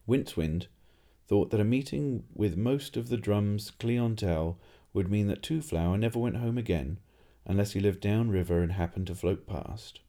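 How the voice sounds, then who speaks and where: A man reading a humorous fantasy story aloud as narrator, in a dry, lively storytelling manner. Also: fairly low pitch, normal speed. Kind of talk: audiobook reading.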